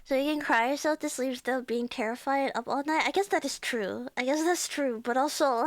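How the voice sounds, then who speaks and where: Young female streamer, high, slow, dry close sound; tearful, laughing reaction chat. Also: no echo. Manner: emotional, tearful, laughs often.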